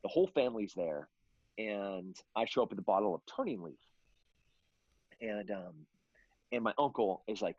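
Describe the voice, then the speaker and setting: A man's voice: fairly low pitch, animated, normal speed, pauses often, husky, no room sound, highs cut off. A middle-aged man from California telling long family stories in a casual interview, rambling with many fillers and restarts. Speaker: guest.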